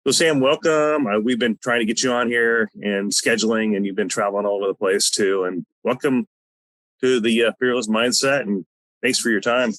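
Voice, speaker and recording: Speaking at a moderate pace in a mid-range, slightly bright voice with fairly even intonation, a man hosts a casual podcast over a video call, no headset. He meanders with fillers and jokey asides; there's no room sound, but the audio quality is poor.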